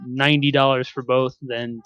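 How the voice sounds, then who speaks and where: Easygoing man chatting, mid-pitched voice. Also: flat delivery, normal speed, clear, resonant tone, highs cut off. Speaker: podcast co-host. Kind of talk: casual chat.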